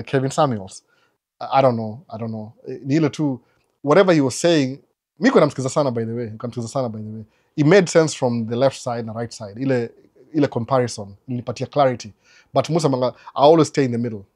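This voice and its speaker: Man lecturing in code-switched chat. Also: mid-range voice. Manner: switches between English and Swahili mid-sentence; animated, lecturing, asks rhetorical questions. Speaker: live Q&A host. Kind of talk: casual live-stream advice chat.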